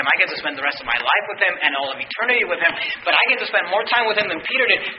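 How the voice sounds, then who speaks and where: A man preaching a sermon as pastor, reading scripture aloud and climbing to shouts on the quoted lines. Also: high voice, background noise. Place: church sanctuary. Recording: roomy, dull church recording.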